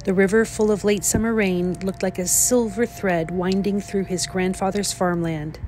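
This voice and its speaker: A woman, a teacher, reading a children's picture book aloud in a clear, expressive way. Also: mid-range voice, normal speed, slight background noise. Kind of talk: read-aloud storybook narration.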